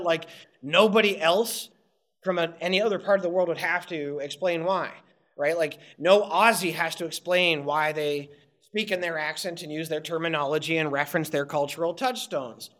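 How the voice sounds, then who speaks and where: A man from Montreal, a guest in an interview, with a somewhat higher voice. He talks in passionate, rambling bursts, restarts his sentences and swears freely. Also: a bit bright. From Montreal, Canada. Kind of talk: candid interview talk.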